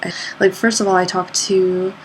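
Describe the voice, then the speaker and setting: A young woman, an art student, recounting her day in a loose, rambling way, full of "like" fillers, jumping up high in pitch whenever she quotes someone. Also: flat delivery, moderate pace, a little hiss or hum, poor audio. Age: young adult. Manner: rambling, lots of "like" fillers, acts out quoted people with sudden high pitch jumps. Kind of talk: casual spoken recollection.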